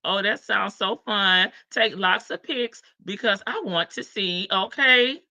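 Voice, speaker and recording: A woman hosts a casual livestream, sassy and quick to laugh as she answers her chat. She talks slowly in a bright, slightly high voice. The sound is dry and a bit dull. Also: dry recording. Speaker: livestream host.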